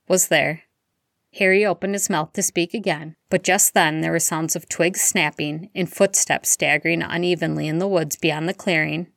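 Woman reading a story, low and dry. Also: no echo. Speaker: audiobook reader. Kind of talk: reading fan fiction aloud.

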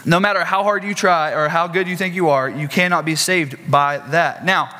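Bright-voiced preacher in a reverberant hall. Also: male voice, fairly high pitch, steady tone, moderate pace. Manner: conversational preaching with asides and questions to the congregation. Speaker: pastor. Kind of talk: sermon.

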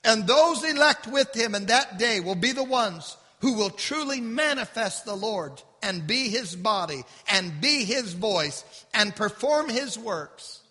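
A man preaching with great fervor, his voice very high and piercingly bright. The tone is husky and breathy, and a long hall reverb trails every phrase. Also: expressive, measured pace, few pauses. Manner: impassioned preaching, builds to shouts then drops low. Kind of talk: sermon.

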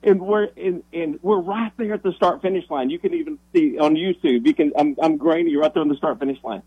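A minister telling a story on the radio, with a slightly raised, husky voice. He talks fast and tumbles over his own words, restarting sentences as the excitement builds. The studio sound is dry and close. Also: a little high, dry recording, phone-quality sound.

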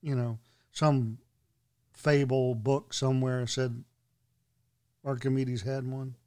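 Mid-pitched male guest, dry sarcastic storyteller, relaxed chat. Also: slow pace. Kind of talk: casual chat.

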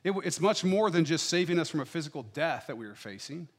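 A middle-aged man preaching a sermon in a church, swinging between loud, fervent declarations and quiet, intimate asides. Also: on the high side, animated, quick pace.

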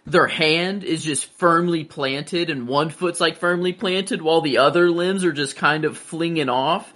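Eager guy cohosting, kinda high voice, thinking out loud. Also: measured pace. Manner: eager, restless, thinks aloud. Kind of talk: casual chat.

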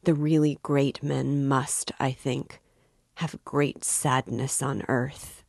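A woman reading aloud, voicing a calm, brooding young man who answers in a measured way. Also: low-pitched, no room sound, clean studio sound, full character voice.

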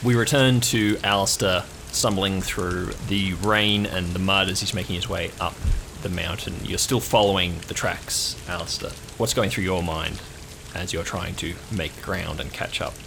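A man narrating an improvised audio drama as game master in a relaxed, descriptive way. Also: low voice, normal speed, creaky, background noise.

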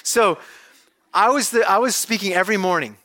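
A man's voice: sits high, fairly quick, bright, forceful tone. A male pastor giving a sermon, telling stories conversationally and then preaching with emphatic conviction.

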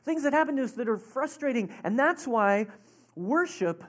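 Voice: sits high, lively intonation, normal speed. Chatty, rambling pastor. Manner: conversational, rambling storytelling with laughs. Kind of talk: sermon.

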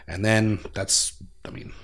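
A man's voice: lowish voice, fairly even intonation, a little slow, fairly bright tone. A man in a casual podcast interview, telling anecdotes with a chuckle. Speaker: screenwriter guest.

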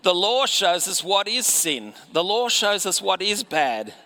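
A male preacher gives a sermon at an unhurried pace. His voice sits a little high and sounds bright. He keeps it conversational and keeps turning to the congregation with rhetorical questions. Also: sing-song.

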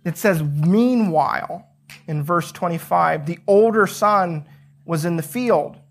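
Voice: medium pitch, takes it slowly, soft background music. Here is a preacher walking listeners through a scripture passage with an easygoing, chatty delivery. The story is retold in plain everyday words, with rhetorical questions tossed out to the listeners along the way. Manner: conversational, asks rhetorical questions. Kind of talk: conversational Bible teaching.

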